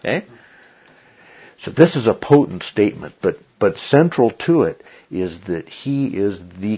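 A man's voice: lowish voice, breathy edge. A man teaching a Bible study, emphatic and checking in with frequent "okay?"s. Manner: emphatic, repeats "okay?" often. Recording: dull lo-fi recording.

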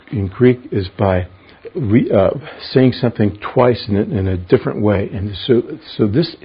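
This man's voice is lowish with a breathy edge. He runs a verse-by-verse Bible study, clarifying the meaning of words and asking the class questions, and the audio is dull and lo-fi.

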